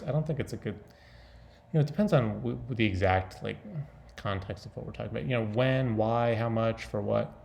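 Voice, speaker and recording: A man's voice: fairly low pitch, gravelly, a little mellow, slight background noise. A man talking off the cuff in a casual vlog, rambling, breaking off mid-thought and laughing often.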